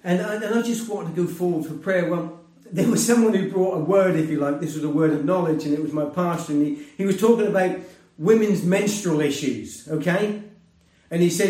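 Earnest male preacher in a roomy space. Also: a little fast. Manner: earnest, conversational, swinging between loud emphasis and hushed lows. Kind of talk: sermon with personal testimony. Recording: roomy, distant mic.

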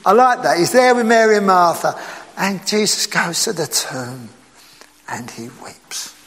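A man preaching a sermon in a lively, conversational way, asking his listeners rhetorical questions. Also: high voice, a little slow, big-room sound.

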